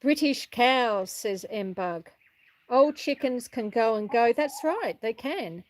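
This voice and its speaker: Walking through her farm, a middle-aged woman reads out comments from viewers and chats casually on her livestream. Her voice is on the high side with lively intonation and a slow pace; she's warm, talkative, and laughs frequently. The recording sounds dry.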